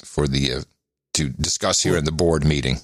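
A man hosting a podcast in casual chat, his voice at a middle pitch. He is animated, laughs often and leaps into high, excited tones, heard dry and close to the mic. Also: normal speed, dry recording. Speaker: podcast host.

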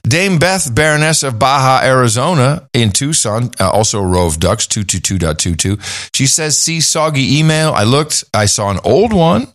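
A man's voice: medium pitch, animated, a bit bright. A man co-hosting a podcast, chatting casually and joking as he reads out listener donation notes. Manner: joking, laughs often, quick asides. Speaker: podcast co-host.

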